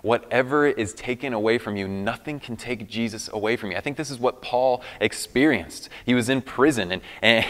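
A man's voice: mid-range voice, normal speed, few pauses, in a large hall. A man preaching a sermon as pastor, earnest and emphatic, often restarting his phrases. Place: church hall.

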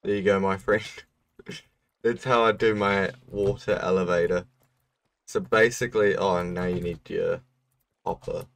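A man's voice: low-pitched, fairly even intonation, a little slow, vocal fry, pauses often, distant mic. A young man streaming a game, casually explaining a build to a viewer and laughing now and then. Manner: laid-back explaining, laughs often. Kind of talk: casual gameplay commentary.

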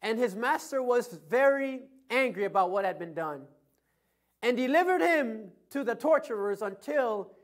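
A male pastor preaching a sermon, reading scripture and telling anecdotes, swinging from loud emphasis to soft asides. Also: extremely high pitch, animated, measured pace. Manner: tells anecdotes with chuckles.

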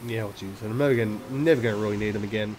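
A man's voice: fairly low pitch, very fast, noisy background. A man hosting a let's play, giving casual gameplay commentary, swearing often and making self-mocking, chatty asides. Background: game music.

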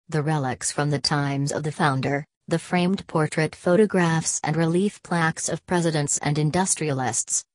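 A woman narrating an audiobook in an even, measured reading. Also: sits low, dry recording.

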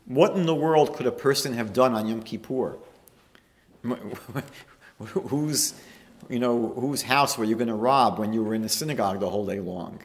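A man's voice: mid-range voice, moderate pace. A man, a rabbi, giving a storytelling lecture on a holy day that rises to emphatic peaks. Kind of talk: lecture sermon.

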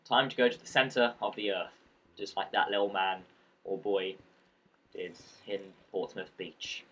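A man's voice: low-pitched, measured pace, fairly bright tone, slightly rough. A man giving casual let's-play commentary, rambling and joking and talking to the creatures in the game as he plays. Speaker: gameplay commentator.

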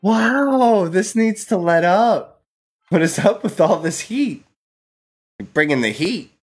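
A man's voice: sits high, lively intonation, slow pace, breathy edge, faint music behind. A man streaming a video game live, playful and exclaiming, laughing often and thanking his chat. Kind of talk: live gameplay commentary.

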